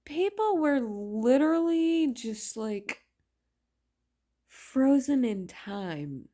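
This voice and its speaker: In a casual vlog, a woman who reviews videos airs her frustrations in a high voice that still sounds mellow and dark. She talks slowly, plainly, and with frequent cursing, staying consistently exasperated.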